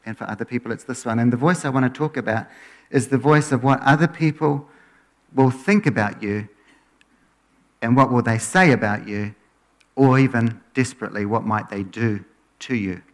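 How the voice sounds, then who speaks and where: Relaxed male pastor preaching. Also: medium pitch, moderate pace. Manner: relaxed, often trails off quieter at phrase ends. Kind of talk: conversational sermon.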